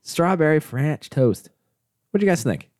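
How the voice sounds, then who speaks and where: Lively-voiced man, dry close mic. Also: a little high, normal speed, no echo. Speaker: podcast host. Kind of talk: casual chat and read ad.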